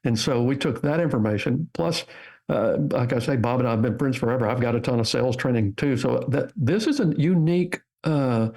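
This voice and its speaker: A man's voice: mid-range voice, fairly quick. Older man telling stories as guest. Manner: animated storyteller, acts out quotes. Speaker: guest author. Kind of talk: interview storytelling.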